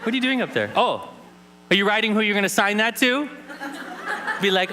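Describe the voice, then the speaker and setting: A man in his thirties gives a playful keynote in a large conference hall, teaching sign language while teasing and joking with the crowd. His high voice has lively intonation and a slightly fast pace with frequent pauses, over a noisy background.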